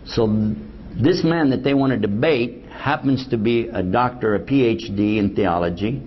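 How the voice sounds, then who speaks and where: A man's voice: medium pitch, moderate pace. An older man giving a humorous Islamic lecture to a live audience, telling stories and acting out dialogue in a joking, conversational way. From United States. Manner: joking, storytelling, acts out quoted dialogue. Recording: dull lo-fi lecture recording with faint hiss.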